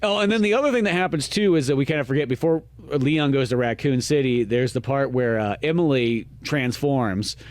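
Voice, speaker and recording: A man co-hosting a podcast in casual chat, animated and acting out characters' lines in a raised voice. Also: mid-range voice, fairly quick, hardly any pauses, no room sound. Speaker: podcast co-host.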